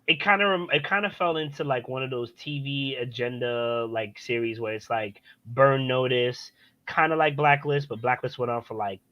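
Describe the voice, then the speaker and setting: A man's voice: medium pitch, normal speed, no echo, muffled recording. A man co-hosting a casual podcast, rambling loosely through his thoughts. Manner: rambling, full of fillers. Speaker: podcast co-host. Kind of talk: casual chat.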